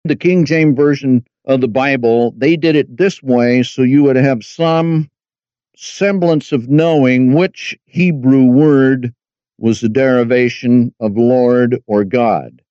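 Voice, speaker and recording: A man teaching a Bible study lesson, speaking deliberately and spelling words out letter by letter. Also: medium pitch, warm tone, smooth, no echo, lo-fi sound.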